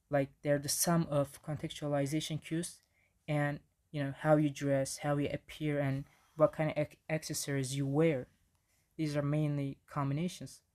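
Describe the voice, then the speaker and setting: A man's voice: on the high side, darkish tone. A man giving a casual slide presentation on language in the classroom, with frequent restarts and fillers.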